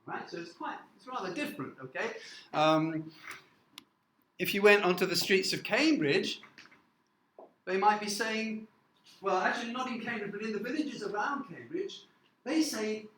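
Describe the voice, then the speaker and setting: A man from the north of England giving a classroom lecture, halting with many fillers and often asking "okay?". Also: high-pitched, lively intonation, fairly bright tone, roomy sound, a little hiss or hum, low-quality recording. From Newcastle, north of England. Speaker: university lecturer.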